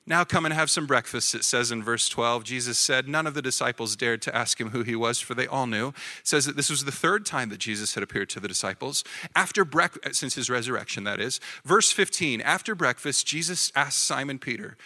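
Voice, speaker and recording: A man preaching a sermon in a conversational way, often correcting himself and rising into animated emphasis. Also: mid-range voice, a little fast, hardly any pauses. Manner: self-correcting, repeats words. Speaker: pastor.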